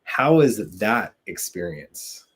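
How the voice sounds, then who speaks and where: Low-voiced man hosting a casual podcast. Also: sing-song, takes it slowly, husky. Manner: enthusiastic, asks leading questions. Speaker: podcast host. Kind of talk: casual interview chat.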